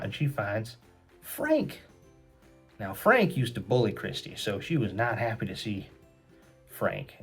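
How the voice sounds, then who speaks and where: A man's voice: on the low side, husky. Brief: man telling a children's story, chatty and moralizing, faint music behind. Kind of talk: kids' story retelling.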